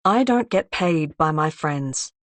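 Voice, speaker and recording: Brief: narrator doing a curt, defiant woman in an audiobook, low voice, dry sound. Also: animated, takes it slowly, no echo.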